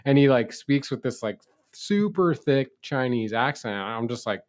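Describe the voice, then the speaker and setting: Podcast co-host, man, mid-pitched, rambling and casual, profane, filler-heavy. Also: expressive, unhurried. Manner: chatty, swears, many "like" fillers. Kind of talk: casual chat.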